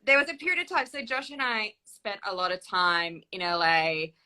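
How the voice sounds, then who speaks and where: A woman's voice: mid-range voice, normal speed, bright, forceful tone. A young adult woman chatting enthusiastically on a live video stream as an actress and co-host. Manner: chatty, enthusiastic, laughs often. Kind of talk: casual live-stream chat. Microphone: phone on a live video stream.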